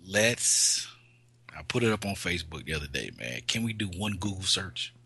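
A man's voice: low-pitched, sing-song, moderate pace, pushed and bright, slight background noise. A man in casual podcast banter, loose and profane, laughing often and getting riled up. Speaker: co-host.

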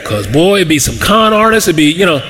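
A man pastor preaching in a lively storytelling sermon, acting out the voices of the people he quotes. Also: sits high, brisk, a crowd in the background, background noise. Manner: animated, acts out quoted voices, laughs often.

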